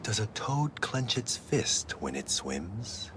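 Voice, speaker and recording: An actor playing a calm, cryptic meditation guide in a video game, speaking in a soft, breathy hush. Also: male voice, on the low side, takes it slowly, background noise. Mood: serene.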